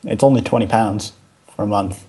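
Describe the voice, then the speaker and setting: A man's voice: on the low side, moderate pace, dark tone, breathy edge. A man talking as a player in a tabletop game, mumbled and unsure. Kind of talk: casual chat in a tabletop game.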